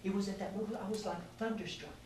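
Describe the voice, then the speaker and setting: A man in the middle of his life preaches to a conference crowd. He tells an honest, self-mocking story and stops now and then to speak to the listeners. The mic sits far off in a roomy hall, with steady noise underneath. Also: sits high, fast. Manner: candid, self-mocking storytelling with audience asides. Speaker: pastor. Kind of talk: sermon. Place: large hall at a youth conference.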